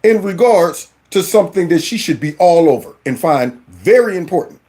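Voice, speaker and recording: A man's voice: high-pitched, expressive, normal speed, dark tone. A man hosting political commentary, reacting in an exasperated, incredulous, colloquial way.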